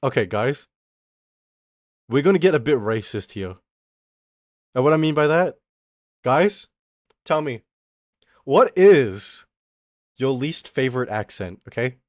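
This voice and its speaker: A man's voice: mid-range voice, lively intonation, slow, pauses often, dry recording, studio quality. A man chatting casually on a live stream, rambling playfully and talking to his chat.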